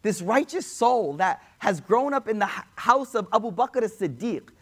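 A man's voice: sits high, big pitch swings, normal speed. A man telling a religious story as a sermon, conversational, addressing listeners directly and weaving in Arabic quotations. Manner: conversational, addresses audience as y'all, quotes Arabic. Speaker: preacher.

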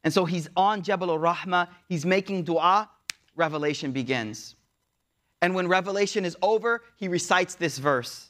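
Man, preacher, casual slangy storytelling, fairly high voice, hushed to excited. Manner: casual slangy preaching, recites Arabic verses quickly; swings from soft, hushed moments to lively excited bursts. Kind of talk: storytelling sermon.

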